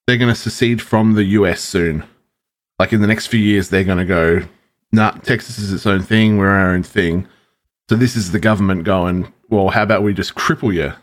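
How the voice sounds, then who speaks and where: Low-voiced hesitant podcast co-host man. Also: steady tone, moderate pace. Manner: hesitant, repeats words, conspiratorial riffing. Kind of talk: casual chat.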